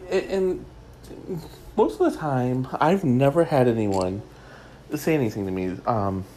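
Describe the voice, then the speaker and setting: A man's voice: medium pitch, animated, measured pace, warm tone, a little hiss or hum, low-quality recording. A man hosting a casual solo gossip show from home, chatty and rambling with a self-mocking streak. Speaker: gossip podcast host.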